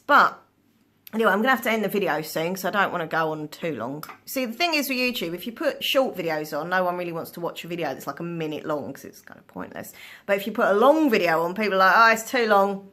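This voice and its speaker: A woman's voice: mid-range voice, sharp tone. A woman chatting to her phone camera, telling stories animatedly, laughing often and swearing casually. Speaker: vlogger. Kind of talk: casual storytelling chat.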